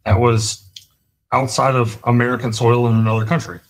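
A man, an army veteran and podcast co-host, talking in a plain, measured way with frequent restarts. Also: mid-range voice, little pitch movement. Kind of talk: casual chat.

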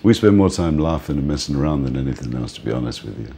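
An older man interviewed as a music manager, telling relaxed stories and often laughing and saying "man". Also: extremely low pitch, fast talker, a little hiss or hum. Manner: relaxed, reminiscing, often says "man", laughs between points. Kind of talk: casual storytelling interview.

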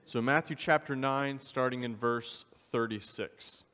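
A man preaching a sermon as a visiting missionary, earnest and steady, reading scripture aloud in old-fashioned wording. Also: mid-range voice, unhurried, hardly any pauses, clean tone, big-room sound. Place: church sanctuary.

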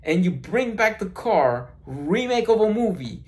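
Vlogger on a phone mic, rambling slowly, stopping and restarting phrases often. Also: mid-range voice, big pitch swings. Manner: halting, with many restarts and repeated words. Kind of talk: casual rambling monologue.

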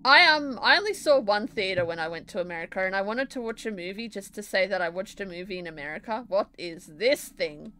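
A woman's voice: mid-range voice, animated, fast, few pauses, sharp tone, clean tone. A young woman with an Australian accent, chatting casually and giggling as she streams from home, answering her chat while she plays and draws.

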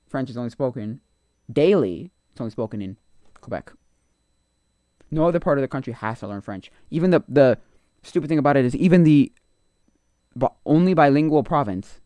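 A man talks off the cuff on a live stream, wandering from point to point and dropping into mutters. His voice is mellow and dark, recorded close and dry with no room sound. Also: mid-range voice, dry recording. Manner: rambling and opinionated, trailing off and muttering. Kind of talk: casual live-stream commentary.

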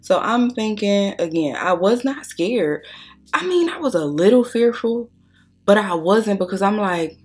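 A woman's voice: mid-range voice, animated, normal speed, husky, faint music behind. A young adult woman telling a blunt, profane story to her viewers while doing her makeup. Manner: blunt, profane, chatty, addresses viewers as y'all. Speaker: beauty vlogger.

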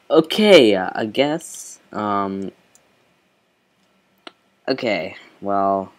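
A man's voice: lowish voice, slow pace, pauses often. A man giving casual, rambling commentary over his own gameplay, with mumbled asides and lots of fillers. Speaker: let's play host.

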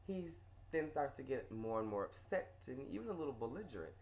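A man hosting a comedic storytelling vlog from a couch indoors, telling the story in an animated, amused way. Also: medium pitch, brisk. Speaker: host.

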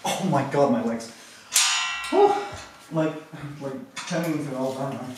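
A man livestreaming casually, giggly and excitable, exclaiming as he moves things around the house. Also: mid-range voice, normal speed. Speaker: streamer. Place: indoors, moving furniture in a house. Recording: echoey room, distant mic, faint noise.

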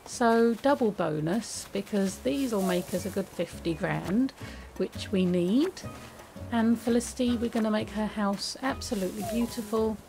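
A woman chatting casually while playing a game, with many restarts and a soft, hesitant way of talking. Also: medium pitch, a little slow, creaky, faint music behind, poor audio. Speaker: gaming video creator. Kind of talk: casual gameplay commentary.

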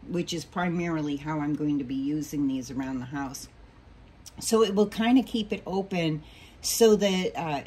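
A friendly, rambling woman walks through a home sewing project, losing her thread and correcting herself as she goes. Her voice sits a little low. A faint hiss of room noise runs under the camera mic. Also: a little mellow, low-quality recording. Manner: chatty and rambling, many ums and self-corrections. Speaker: sewing tutorial host. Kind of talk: casual home sewing tutorial.

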